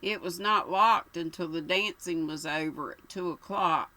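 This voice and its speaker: An older woman reads a mystery novel aloud in a low, unhurried voice. She takes her time over the sentences and sometimes trips over a longer word. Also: sharp tone, rough recording. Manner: unhurried, occasionally stumbling over words. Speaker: channel host reading aloud.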